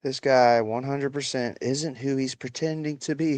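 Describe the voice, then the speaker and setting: A man's voice: medium pitch, steady tone, normal speed, darkish tone, no echo. A man with a slight Appalachian country accent, hosting a casual livestream, reading chat aloud and answering with crude, sarcastic swearing.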